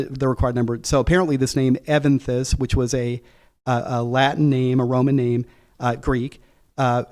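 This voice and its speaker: A man's voice: medium pitch, darkish tone. Casual man teaching a Bible class. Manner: casual, thinking aloud with many fillers and restarts; slows down to read quoted passages. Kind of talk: reading aloud and explaining a text to a class.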